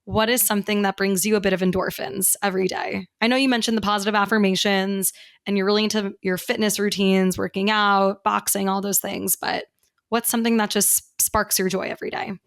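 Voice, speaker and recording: A woman's voice: medium pitch, little pitch movement, a little fast. A woman hosting a podcast interview, earnest and conversational, with frequent "you know" fillers. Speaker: podcast host.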